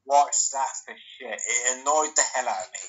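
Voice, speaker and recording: A man's voice: medium pitch, moderate pace, rough recording. A man who is drunk, chatting casually as co-host in rambling, joking banter. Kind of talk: casual chat.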